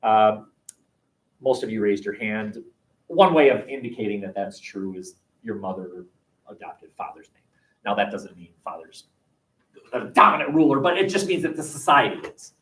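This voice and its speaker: A man teaches a class with a lively, swooping voice, joking and quizzing his students. He is picked up from across a roomy, echoing classroom. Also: on the low side, moderate pace. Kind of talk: classroom lecture. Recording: echoey classroom from far off.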